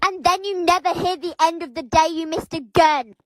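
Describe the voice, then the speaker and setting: A woman narrating relatable everyday moments in an expressive, exasperated way. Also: very high voice, moderate pace, no echo.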